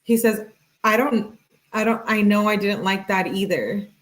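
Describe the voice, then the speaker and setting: A woman hosting a true-crime channel, reading text messages aloud in a plain voice and breaking in with quick, skeptical asides. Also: medium pitch, fairly bright tone, low-quality recording.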